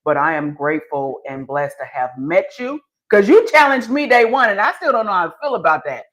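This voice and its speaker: A woman hosting a casual interview, lively and teasing, with colloquial talk. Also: lowish voice, brisk. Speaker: podcast host.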